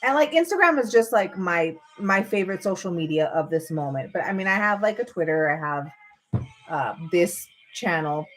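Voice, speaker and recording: A woman's voice: fairly low pitch, animated, normal speed, a bit bright, soft background music. Woman vlogger, loose chatty delivery, lots of restarts and "dude", at her computer in bed. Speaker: vlogger on a livestream. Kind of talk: rambling casual chat. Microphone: computer microphone.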